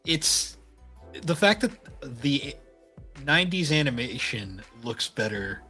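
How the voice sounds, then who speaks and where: A man co-hosting a casual podcast chat, laid-back and hesitant, with a husky voice. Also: medium pitch, very animated, takes it slowly, pushed and bright, soft background music. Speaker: podcast co-host.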